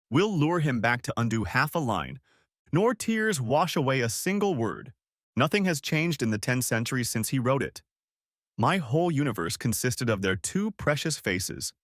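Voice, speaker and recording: A man narrating a first-person story as a scripted audiobook reading, in a measured, steady manner. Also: medium pitch, no room sound, clean studio sound.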